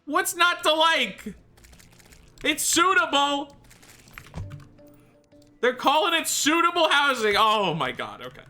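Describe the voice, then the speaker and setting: A speedrunner giving live gameplay commentary, excitable and exasperated, talking to themself and the chat. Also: high-pitched, slow pace, pauses often, soft background music. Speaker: speedrunner streaming a game.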